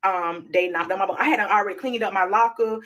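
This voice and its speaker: A woman, telling her story at a quick clip. She is animated and slangy and keeps calling her viewers y'all and child. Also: medium pitch. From Florida, USA. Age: 30s. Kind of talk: casual storytime chat.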